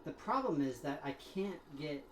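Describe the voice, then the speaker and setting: A man comments on his gameplay in a loose, playful, rambling way. His voice sits in a roomy space with a steady wash of noise behind it. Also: a little high, normal speed. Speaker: gaming streamer.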